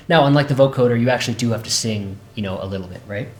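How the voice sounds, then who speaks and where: A man hosting a relaxed synth demo lesson, often checking in with "right?" as he explains. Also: medium pitch, rapid-fire, few pauses. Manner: relaxed, says "right?" a lot. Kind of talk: casual instructional demo. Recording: roomy echo.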